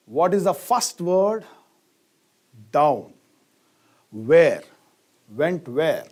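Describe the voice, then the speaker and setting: A man's voice: on the high side, big pitch swings, slow pace, pauses often, darkish tone. A middle-aged man, teaching a grammar lesson and asking the class questions that he then answers himself, leaning hard on key words. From India.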